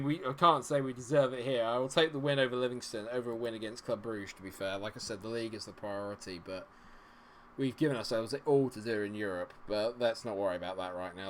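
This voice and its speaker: A man's voice: lowish voice, a bit bright, slight background noise. A man giving live commentary over a football management game, sarcastic and exasperated, swinging between grumbling and cheering. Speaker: gaming streamer.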